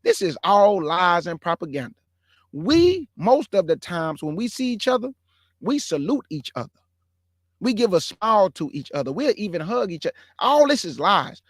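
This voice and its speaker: A high, sing-song male voice moves at a moderate pace as the host of his own show speaks directly to viewers. Earnest and impassioned, he addresses them as family, brother, and bruh, growing heated and emphatic. It's a dry, studio-quality recording.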